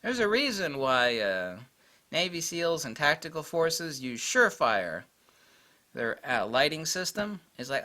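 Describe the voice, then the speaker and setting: A man rants bluntly into the camera, cursing freely and punching his points hard. His pitch swings widely between grumbles and outbursts, and his tone is bright and sharp. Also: sing-song, unhurried. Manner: blunt, profane, emphatic ranting. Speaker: photography channel host. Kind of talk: ranting vlog monologue.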